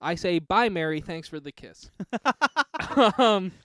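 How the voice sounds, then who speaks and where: He's a podcast co-host taking it slowly as he reads game text from a text adventure, his high voice a bit bright and smooth. Laughing asides and jokes punctuate the reading, and the sound is dry and studio-clean.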